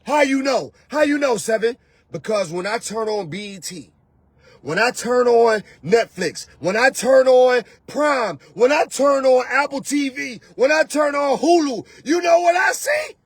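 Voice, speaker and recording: Male relationship coach, high and raspy, slangy and preachy, dry sound. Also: animated, unhurried, no echo. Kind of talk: casual opinion monologue.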